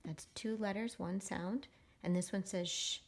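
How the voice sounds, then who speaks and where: A woman teaching a phonics lesson to young readers. She is patient and encouraging, and she sounds out words slowly for the children to repeat. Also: medium pitch, fairly even intonation. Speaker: reading teacher.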